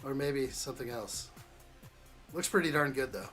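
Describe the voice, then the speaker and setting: A man's voice: mid-range voice, normal speed, fairly bright tone, soft background music. A man hosting a live building stream, chatting casually and jokingly with viewers as he reacts to the chat. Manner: jokey, chuckling, reacts to chat.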